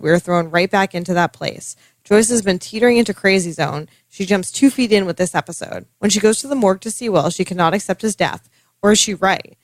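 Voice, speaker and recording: A woman's voice: medium pitch, no echo. A woman co-hosting a podcast in casual chat, frank and chatty, swearing freely. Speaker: podcast co-host.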